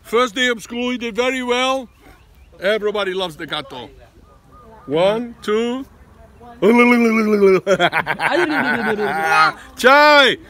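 A man's voice: extremely high pitch, expressive, very slow, pauses often, bright, forceful tone. A man with a Dutch accent, a vlogger father chatting casually and teasingly, often tagging his lines with "eh?". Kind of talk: casual family vlog chat. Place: outdoors at a busy school.

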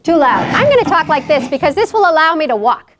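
Lively joking New York woman lecturing. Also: sits high, fast talker. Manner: animated, joking storyteller. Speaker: guest lecturer. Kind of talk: humorous lecture. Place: college lecture hall.

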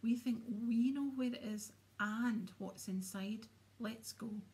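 A woman's voice: fairly high pitch, slow pace, darkish tone. A woman voicing a brave, blunt twelve-year-old schoolboy wizard in a storybook reading, indignant and direct.

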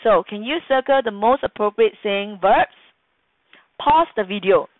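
A woman teacher with a Singaporean English accent patiently quizzes her students in a recorded grammar lesson, acting out quoted lines as she goes. Her mid-range voice is expressive and her pace measured. The sound is tinny, phone-like and dry, with no room sound.

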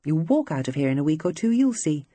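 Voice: mid-range voice, very animated, quick pace. A reader voicing a young female wartime nurse who is earnest, kindly and coaxing. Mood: cheery. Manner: bright, coaxing, encouraging.

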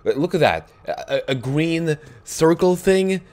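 A young man talks through a horror game in a lively voice that jumps around a great deal. He mutters under his breath, then breaks into startled yelps. It sounds like casual let's play commentary into a desk mic. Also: on the high side, unhurried. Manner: jittery, swings from hushed muttering to yelps. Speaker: gaming YouTuber.

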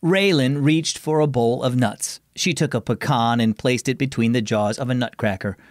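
A man's voice: medium pitch, moderate pace, dry recording, clean studio sound. A man hosting a children's devotional program, narrating scripted stories in an upbeat, friendly way. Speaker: host.

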